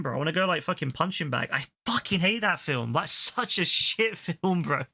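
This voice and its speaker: A man's voice: on the high side, animated, moderate pace, creaky, few pauses, sharp tone, breathy edge. A young man streaming a game, ranting heatedly and profanely in casual chat. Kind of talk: casual rant while gaming.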